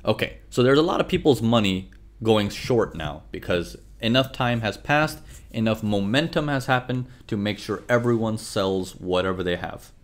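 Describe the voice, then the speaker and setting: During a live chart lesson, a male trading instructor talks at a moderate pace in a fairly low voice. Animated throughout, he leans on "okay" and "right" and acts out traders' reasoning.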